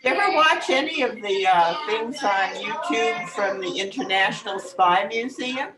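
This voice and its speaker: A woman's voice: mid-range voice, lively intonation, normal speed. A woman chatting on a video call, telling a story in an easygoing way. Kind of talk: casual video-call chat. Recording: echoey, distant video-call audio with loud noise.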